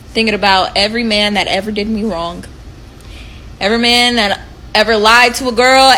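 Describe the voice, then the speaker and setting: A woman casually telling a storytime, animated and acting out the voices in it. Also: fairly high pitch, a little hiss or hum, rough recording. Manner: animated, quoting herself and others.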